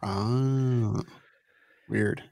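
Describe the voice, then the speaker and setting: A man on a podcast with a gravelly, creaky voice at mid pitch, making dry jokes and short reactions. The sound is close and dry. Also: fairly even intonation, very slow, darkish tone, dry recording. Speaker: podcast co-host. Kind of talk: casual podcast chat.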